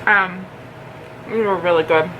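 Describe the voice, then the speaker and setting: A woman's voice: lowish voice, fairly even intonation, measured pace, phone-quality sound. A woman chatting casually in a home vlog, rambling and giggling while she snacks. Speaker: vlogger. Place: home, indoors. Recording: clear background noise.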